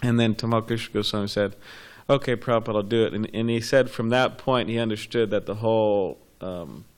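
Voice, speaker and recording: A man's voice: on the low side, fairly even intonation, a little fast, clean tone. A man in a class, telling a story casually and rambling with fillers and restarts. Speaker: class participant.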